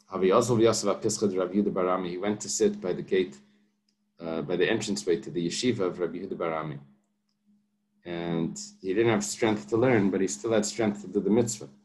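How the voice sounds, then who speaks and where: A man's voice: deep voice, a little mellow. A man teaching a daily Talmud class, reading Aramaic and translating it line by line with patient explanations and light joking asides. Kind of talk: daf yomi Talmud class.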